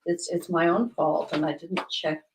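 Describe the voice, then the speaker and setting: A woman's voice: lowish voice, fairly even intonation, slight background noise, poor audio. An older woman chatting casually on a livestream, absorbed in her work and talking to herself as she renumbers prints. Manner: slow, absorbed, talks to herself while working. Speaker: voice actress signing prints.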